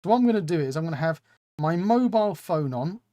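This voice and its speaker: A man's voice: a little high, expressive, fast talker, mellow, no echo, studio quality. A man hosting a live stream, chatting casually and reading out chat with self-mocking humor. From England.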